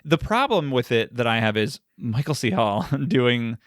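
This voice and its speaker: A man's voice: medium pitch, big pitch swings, normal speed, a bit bright, dry recording, studio quality. A man co-hosting a podcast, chatting casually and opinionated about a horror film, joking and talking over his co-host.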